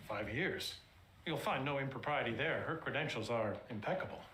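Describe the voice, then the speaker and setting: A man's voice: mid-range voice, normal speed, a little hiss or hum, close to an everyday voice. A man playing a formal, composed businessman. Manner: formal, composed, well-spoken. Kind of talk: period TV drama acting. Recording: roomy, with loud music.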